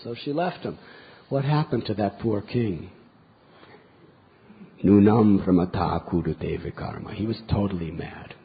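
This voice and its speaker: Husky-voiced man telling a scripture story. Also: fairly low pitch, a little slow, long pauses. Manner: vivid storyteller, moralizing asides. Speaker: spiritual teacher. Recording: dull lo-fi lecture recording.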